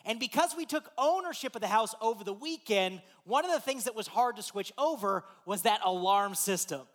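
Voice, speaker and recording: A man, a pastor, telling a lively personal story in a sermon and acting out the voices in it. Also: sits high, a little fast. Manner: animated, acts out voices in his story.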